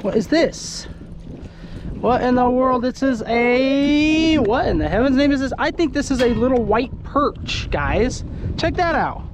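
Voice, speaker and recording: A man from Idaho giving excited, chatty commentary to the camera while fishing from a kayak on a lake. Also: very high voice, a little slow. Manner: excitable, exclaiming, chatty with viewers. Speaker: fishing vlogger. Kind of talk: casual outdoor commentary to camera. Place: kayak on an open lake outdoors. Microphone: handheld camera.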